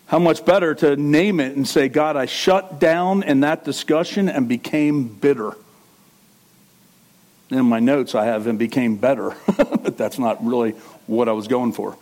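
Speaking like he's chatting with his congregation, a middle-aged pastor shifts from hushed asides to booming, emphatic preaching.

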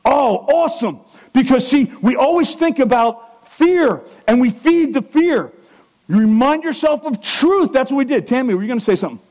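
High-voiced man preaching an interactive sermon. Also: rough recording. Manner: energetic, questions the congregation. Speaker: pastor. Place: church.

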